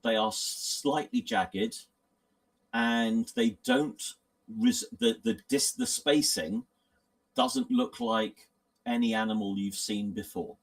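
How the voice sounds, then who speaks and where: A man's voice: high-pitched, wildly swooping pitch, slow pace, gravelly, recorded from a distance. A man running a tabletop horror game as game master, often hesitating and restarting sentences.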